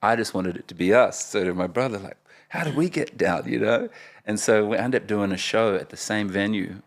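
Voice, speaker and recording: A man in his forties, a rapper guest in a casual interview, telling animated stories and laughing often. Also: on the low side, fairly quick. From Australia (Perth).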